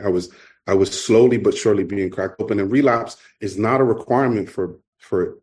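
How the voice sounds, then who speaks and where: A middle-aged man from New York with a New York accent, telling his recovery story to a meeting in an earnest, halting way. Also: on the low side, darkish tone. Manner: earnest, halting, repeats himself. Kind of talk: personal testimony talk.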